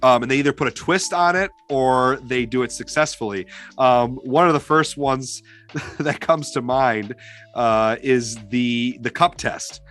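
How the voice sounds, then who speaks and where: A man's voice: mid-range voice, measured pace, a bit bright, faint music behind. A man in a casual podcast chat about films, rambling with frequent restarts and "um"s. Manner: rambling, many restarts and fillers. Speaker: podcast co-host. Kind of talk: casual film discussion.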